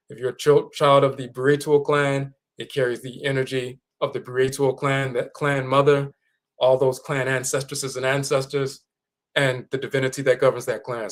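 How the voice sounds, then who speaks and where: Man, mid pitch, teaching tone, slow and deliberate, spells terms out. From North America. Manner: deliberate, spells words out letter by letter. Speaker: lecturer on spiritual tradition. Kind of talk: explanatory lecture.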